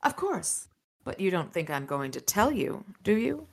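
A woman reading as a dry, calm crime boss. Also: on the low side, creaky, slightly rough, exaggerated voice. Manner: dry and unhurried.

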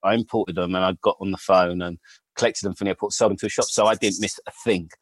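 A man, a guest telling lively stories with plenty of swearing and acted-out voices of the people he describes. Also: low voice, quick pace, no echo. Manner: animated, swears freely, acts out customers' voices. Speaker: guest, former record importer. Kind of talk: casual storytelling interview.

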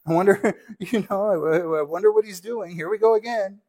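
Preacher putting on a fed-up soldier, grumbling and weary, voice a bit high. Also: male voice, moderate pace, a little mellow. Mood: exasperated. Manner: exasperated, grumbling. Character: bored, weary male soldier.

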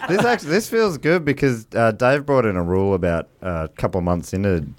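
A man, a guest podcast host, speaking hesitantly with halting starts in casual banter. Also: on the low side, lively intonation, dry recording.

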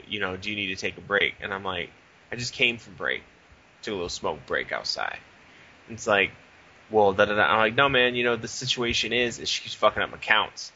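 Young male podcast host, low-ish bright voice, profane animated storyteller, muffled lo-fi recording, faint hiss. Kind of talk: casual podcast chat.

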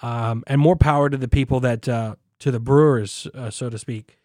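A man's voice: mid-range voice, steady tone, moderate pace, darkish tone, no room sound, studio quality. A young man hosting a casual beer podcast, rambling and joking at himself, with many fillers and restarts. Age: young adult. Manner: rambling, self-deprecating, lots of fillers and restarts. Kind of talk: casual chat.

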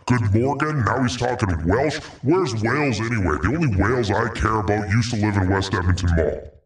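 A man's voice: lowish voice, fairly quick, distant mic, crowd noise, close to an everyday voice. A man voicing Satan as a confused, ranting grump in a voicemail. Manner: ranting and bewildered. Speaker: voicemail caller. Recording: roomy recording from off the mic.

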